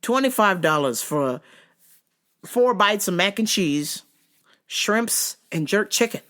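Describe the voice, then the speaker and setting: A woman's voice: medium pitch, animated, takes it slowly, a bit bright. A woman hosting her own show, telling a comedic, profane rant and slipping into mimicked voices. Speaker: vlog host.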